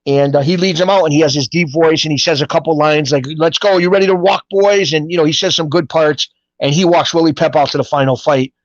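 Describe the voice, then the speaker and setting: A man's voice: on the high side, fast, no room sound. Rambling New man, dull dry audio. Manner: rambling and animated, with street-style grammar. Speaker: guest. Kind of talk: casual storytelling interview.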